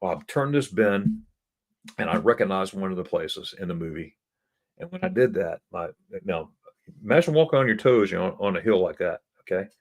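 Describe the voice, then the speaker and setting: A middle-aged man telling a travel story in a casual live stream, animated, often repeating words and jumping into a high excited voice to act out what he said. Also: normal speed. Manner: animated, repeats words, acts out his own past remarks in a high excited voice.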